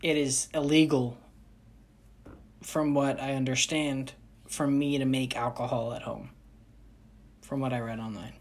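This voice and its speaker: A woman's voice: a bass voice, steady tone, a little slow, long pauses. A young woman vlogger chatting casually, rambling with frequent restarts and self-corrections. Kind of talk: casual chat.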